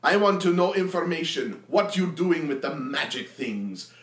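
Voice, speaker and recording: A man voicing a dim, bloodthirsty male adventurer who blusters loud threats in broken grammar. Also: on the high side, big pitch swings, normal speed, echoey room, pitched above the performer's own voice. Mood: menacing.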